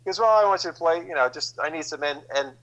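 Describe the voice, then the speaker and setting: Guy, slightly high voice, profane storyteller who acts out the dialogue. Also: fast, fairly bright tone, low-quality recording. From New Jersey. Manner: profane, loose, acts out quoted lines. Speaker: guest actor. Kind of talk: casual storytelling.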